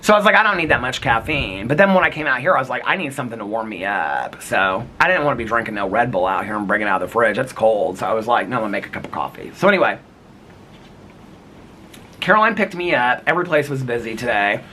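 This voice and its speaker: Animated, bright-voiced male vlogger. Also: mid-range voice, fast talker, a little hiss or hum. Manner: chatty storytelling, acts out quoted conversations. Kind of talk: casual chat. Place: outdoors in the cold.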